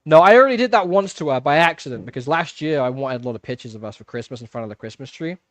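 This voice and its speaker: A man's voice: a little high, racing, dry recording. A man, hosting a casual livestream and telling a story with lots of laughs and fillers. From England. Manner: animated storyteller, laughs often, chatty with fillers. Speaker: livestream host. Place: home fish room.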